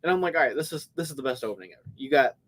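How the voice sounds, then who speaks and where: A man of middle pitch co-hosts a casual movie podcast and talks quickly and with energy. He retells scenes by acting out the characters' lines, with laughs breaking into his story. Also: slightly rough. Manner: animated storyteller, acts out scenes. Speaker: podcast co-host. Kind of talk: casual movie review chat.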